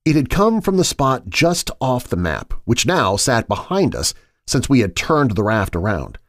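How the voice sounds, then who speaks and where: A man hosting a horror podcast, reading a story in a measured, suspenseful way on a close mic. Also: medium pitch, sing-song, no room sound. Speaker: horror podcast host and narrator. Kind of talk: scripted horror story narration.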